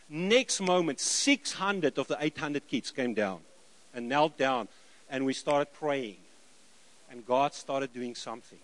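A middle-aged South African man preaching, telling lively stories and acting out the dialogue. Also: medium pitch, a little slow. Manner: lively anecdotal, acts out dialogue, chuckles. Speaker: missionary preacher. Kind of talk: sermon storytelling.

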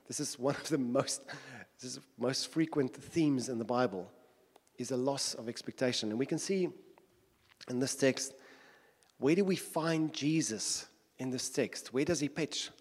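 A man's voice: mid-range voice, a little slow, a little mellow, slightly rough, big-room sound. A man preaching a sermon in an earnest tone, repeating his phrases and building with rhetorical questions.

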